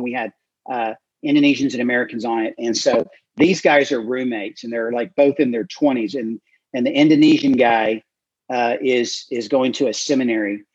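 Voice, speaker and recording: A man, a guest author and missionary, telling stories in an interview with an animated manner and frequent fillers. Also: medium pitch, breathy edge, no echo. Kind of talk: storytelling in an interview. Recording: dry, slightly dull recording.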